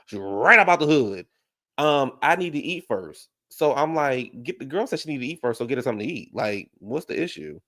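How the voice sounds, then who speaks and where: A man hosting a casual YouTube show, recapping a reality TV episode and talking to his viewers in chat, jumping into animated high voices when he quotes people. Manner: talks back to viewers in chat. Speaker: YouTube reaction show host.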